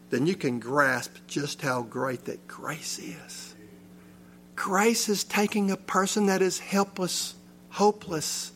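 A man's voice: sits high, fairly bright tone. A man preaching a sermon in a church, reading scripture and asking his listeners rhetorical questions with rising emphasis. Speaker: pastor.

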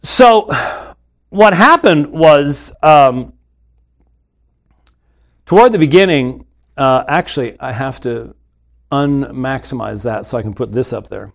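A man's voice: mid-range voice, animated, unhurried, gravelly, long pauses. A man hosting a live webcast and teaching on the Bible, talking in an emphatic, argumentative way with frequent restarts from a studio. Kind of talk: unscripted live commentary. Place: studio with screens and computer.

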